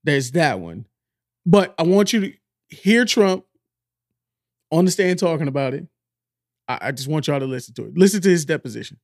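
A man's voice: fairly high pitch, expressive, normal speed, pauses often, no room sound, studio quality. A man co-hosting a podcast, chatting casually and joking with loose, profane banter. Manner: joking, loose, swears freely. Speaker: podcast co-host. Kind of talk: casual chat.

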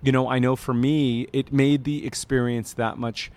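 A man in casual conversation, an animated storyteller with frequent fillers who talks about stress and breathing. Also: mid-range voice, normal speed.

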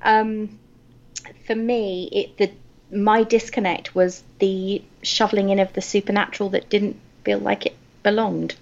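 A woman's voice: mid-range voice, level tone, a little slow, creaky, darkish tone, muffled recording. An English woman co-hosting a casual book chat, rambling with many restarts. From England. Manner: chatty, wanders off topic, many restarts. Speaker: book podcast co-host.

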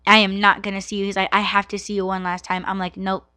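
A woman's voice: medium pitch, completely flat delivery, fast, pushed and bright, clear, resonant tone, no room sound, studio quality. A woman in her thirties hosting a podcast, telling a personal story in a candid, profane, filler-heavy way. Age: 30s. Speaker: podcast host.

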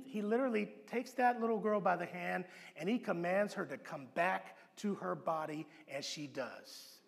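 High-voiced male pastor preaching. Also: gravelly. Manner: animated storytelling, acting out quoted voices and dropping low for emphasis. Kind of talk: sermon. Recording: long hall reverb.

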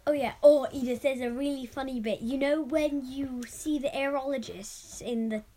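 Sex: woman. Role: podcast co-host. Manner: short interjections. Pitch: high. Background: faint noise. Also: steady tone, normal speed, warm tone. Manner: brief interjections and backchannel remarks. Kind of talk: casual chat.

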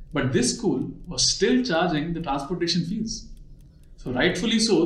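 Man telling a story in an echoey room. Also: fairly high pitch. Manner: conversational storytelling with frequent "you know" fillers. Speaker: podcast and video host. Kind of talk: casual explanatory monologue. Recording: echoey room with faint music.

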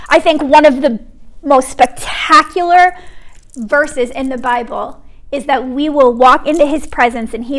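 A young woman giving a casual, earnest sermon as a ministry speaker. She talks in a chatty way with many fillers and drops to a hushed voice for quoted words. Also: sits high. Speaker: pregnancy center ministry speaker.

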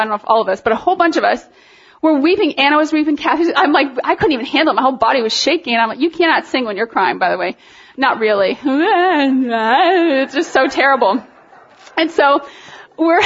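A woman worship leader telling a congregation a story in a sermon-style testimony, animated, laughing and rising with emotion. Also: high-pitched, muffled recording.

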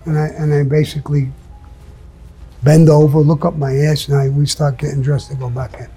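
Older new guy telling rough stories in an interview, swears a lot, husky and kinda high. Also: level tone, moderate pace, warm tone, soft background music. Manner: blunt, profane, streetwise storytelling. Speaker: interview guest. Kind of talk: storytelling interview.

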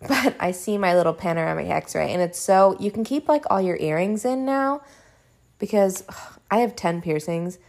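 A young woman casually telling a personal story at home, animated and chatty, with frequent "like" and casual swearing. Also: mid-range voice, moderate pace, gravelly. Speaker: vlogger. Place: home room.

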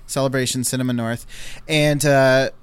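Chatty man with a smooth, dry voice. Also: medium pitch, fairly even intonation, moderate pace, no room sound. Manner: rambling storyteller, many restarts and fillers. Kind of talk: casual chat.

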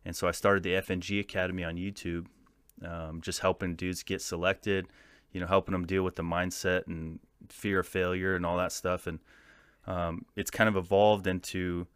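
An American man in his thirties, a podcast guest and former soldier, telling war stories in a casual, profane, animated way with frequent laughs. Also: sits low, moderate pace, smooth, dry recording, clean studio sound. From United States. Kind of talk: casual storytelling.

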